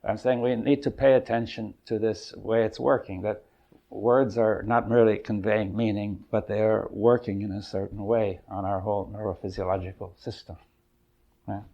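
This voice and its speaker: An older man leading a seminar, thinking aloud in a halting, searching way and often checking in with his listeners. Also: lowish voice, level tone, vocal fry, lo-fi sound. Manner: thoughtful, halting, often checks in with "right?" and "you see". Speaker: seminar leader. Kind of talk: exploratory seminar talk. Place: seminar room.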